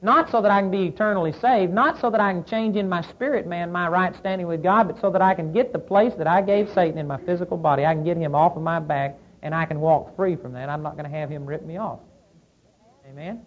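A woman's voice: lowish voice, fast. A woman preaching a sermon, emphatic, asking rhetorical questions and reading scripture aloud. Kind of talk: sermon teaching. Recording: slightly dull lo-fi recording.

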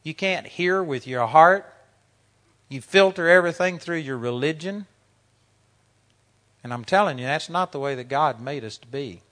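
A man of sixty delivers a sermon in a lively storytelling manner, often laughing between lines. His voice sits high for a man and rings bright and forward. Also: moderate pace, long pauses. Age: 60s. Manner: animated storytelling, laughing through anecdotes. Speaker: preacher.

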